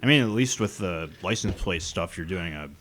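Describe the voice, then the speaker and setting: A man's voice: deep voice, lively intonation, normal speed, fairly bright tone, slight background noise. A man co-hosting a podcast in casual chat, telling rambling stories with chuckles. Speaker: podcast co-host.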